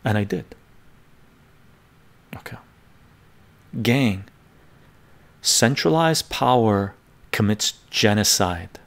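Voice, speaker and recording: A man's voice: fairly low pitch, lively intonation. A man hosting a live stream, telling a personal story in a casual, emphatic way and often checking in with his audience. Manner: talks fast in bursts, repeats "right?".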